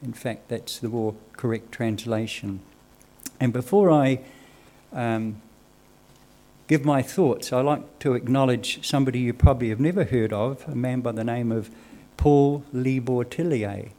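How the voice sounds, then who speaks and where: A man preaching a church sermon, reading Scripture aloud in a measured, earnest way. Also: mid-range voice, warm tone. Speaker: lay preacher.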